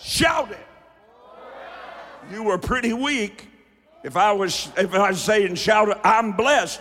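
A man preaches from the pulpit with a fiery, call-and-response delivery. His voice sits high and he takes his time, swinging from low asides to shouted refrains. The sound rings out with the long reverb of a large church hall. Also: slow. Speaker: pastor. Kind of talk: sermon.

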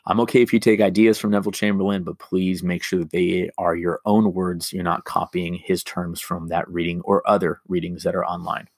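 A man's voice: deep voice, flat delivery, brisk, few pauses, darkish tone, no echo, studio quality. A man teaching a recorded remote lesson, explaining an assignment step by step with many ums and restarts.

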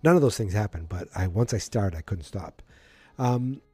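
Male recap host, casual and rambling, mellow tone, dry close recording. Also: on the low side, expressive, normal speed, breathy edge, dry recording. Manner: rambling, acts out characters' lines in passing, frequent ums.

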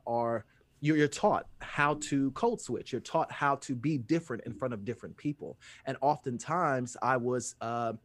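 A man in his thirties from Indiana, a theater actor answering interview questions in a measured, reflective way with frequent pauses and fillers. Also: mid-range voice, no echo. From Fort Wayne, Indiana, US. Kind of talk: interview conversation.

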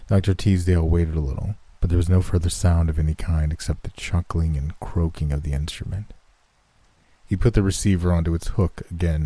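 A man reads a horror story aloud in a deep, very dark, husky voice. His pacing is slow and measured, and the recording is dry and close with no room sound. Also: dry recording. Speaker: narrator.

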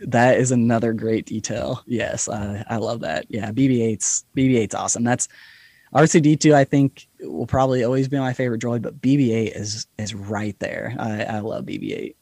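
A man's voice: medium pitch, steady tone, normal speed, creaky, mellow, dry recording. A man guesting on a podcast, chatting enthusiastically with frequent laughs. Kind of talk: casual podcast chat.

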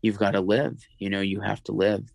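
A man recounting a personal story as an interview guest, halting and emotional, with many restarts and fillers. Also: fairly low pitch, little pitch movement, creaky, no room sound, rough recording.

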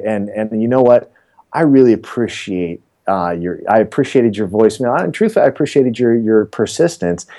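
A middle-aged man coaching real estate agents in a casual podcast chat, telling animated stories and acting out the people in them. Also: fairly low pitch. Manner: animated storyteller acting out quotes.

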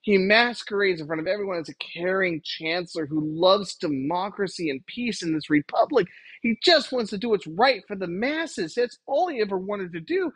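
Podcast host going off on a solo rant, husky voice, dry close sound, keeps hammering points home. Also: medium pitch, animated, moderate pace, fairly bright tone, no room sound, low-quality recording. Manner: exasperated, emphatic, lecturing.

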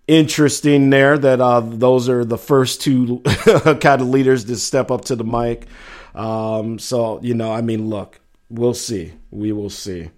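A middle-aged man hosting a casual live talk show, reading out chat messages in a loose, chatty way. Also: medium pitch. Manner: loose and chatty, trails off quietly, then livens up for segment intros.

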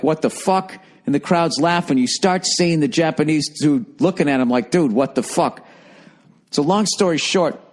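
A man telling a story in a loud, animated way, swearing constantly and laughing as he goes. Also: fairly high pitch. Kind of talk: profane storytelling.

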